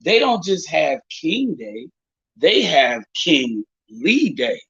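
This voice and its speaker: A man hosting a casual live-stream chat, talking in an animated, emphatic way and swearing often. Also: fairly high pitch, takes it slowly, slightly rough, highs cut off. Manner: animated, profane, emphatic storytelling. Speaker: host.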